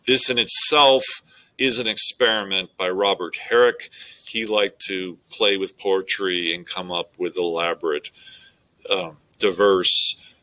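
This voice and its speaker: A man's voice: low voice, steady tone, a little slow, pushed and bright, poor audio. A male English teacher giving a methodical, explanatory recorded lecture on poetry.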